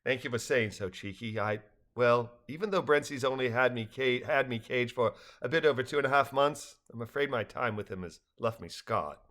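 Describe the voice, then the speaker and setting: A man voicing a gentle, troubled telepathic balloon creature, telling its story in an earnest, measured way. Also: mid-range voice, lightly acted.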